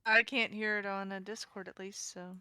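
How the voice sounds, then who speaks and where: A woman's voice: mid-range voice, fairly even intonation, normal speed, sharp tone, clean tone, no echo. A woman chatting casually on a voice call, laid-back and giggly. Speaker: streamer's co-voice actor.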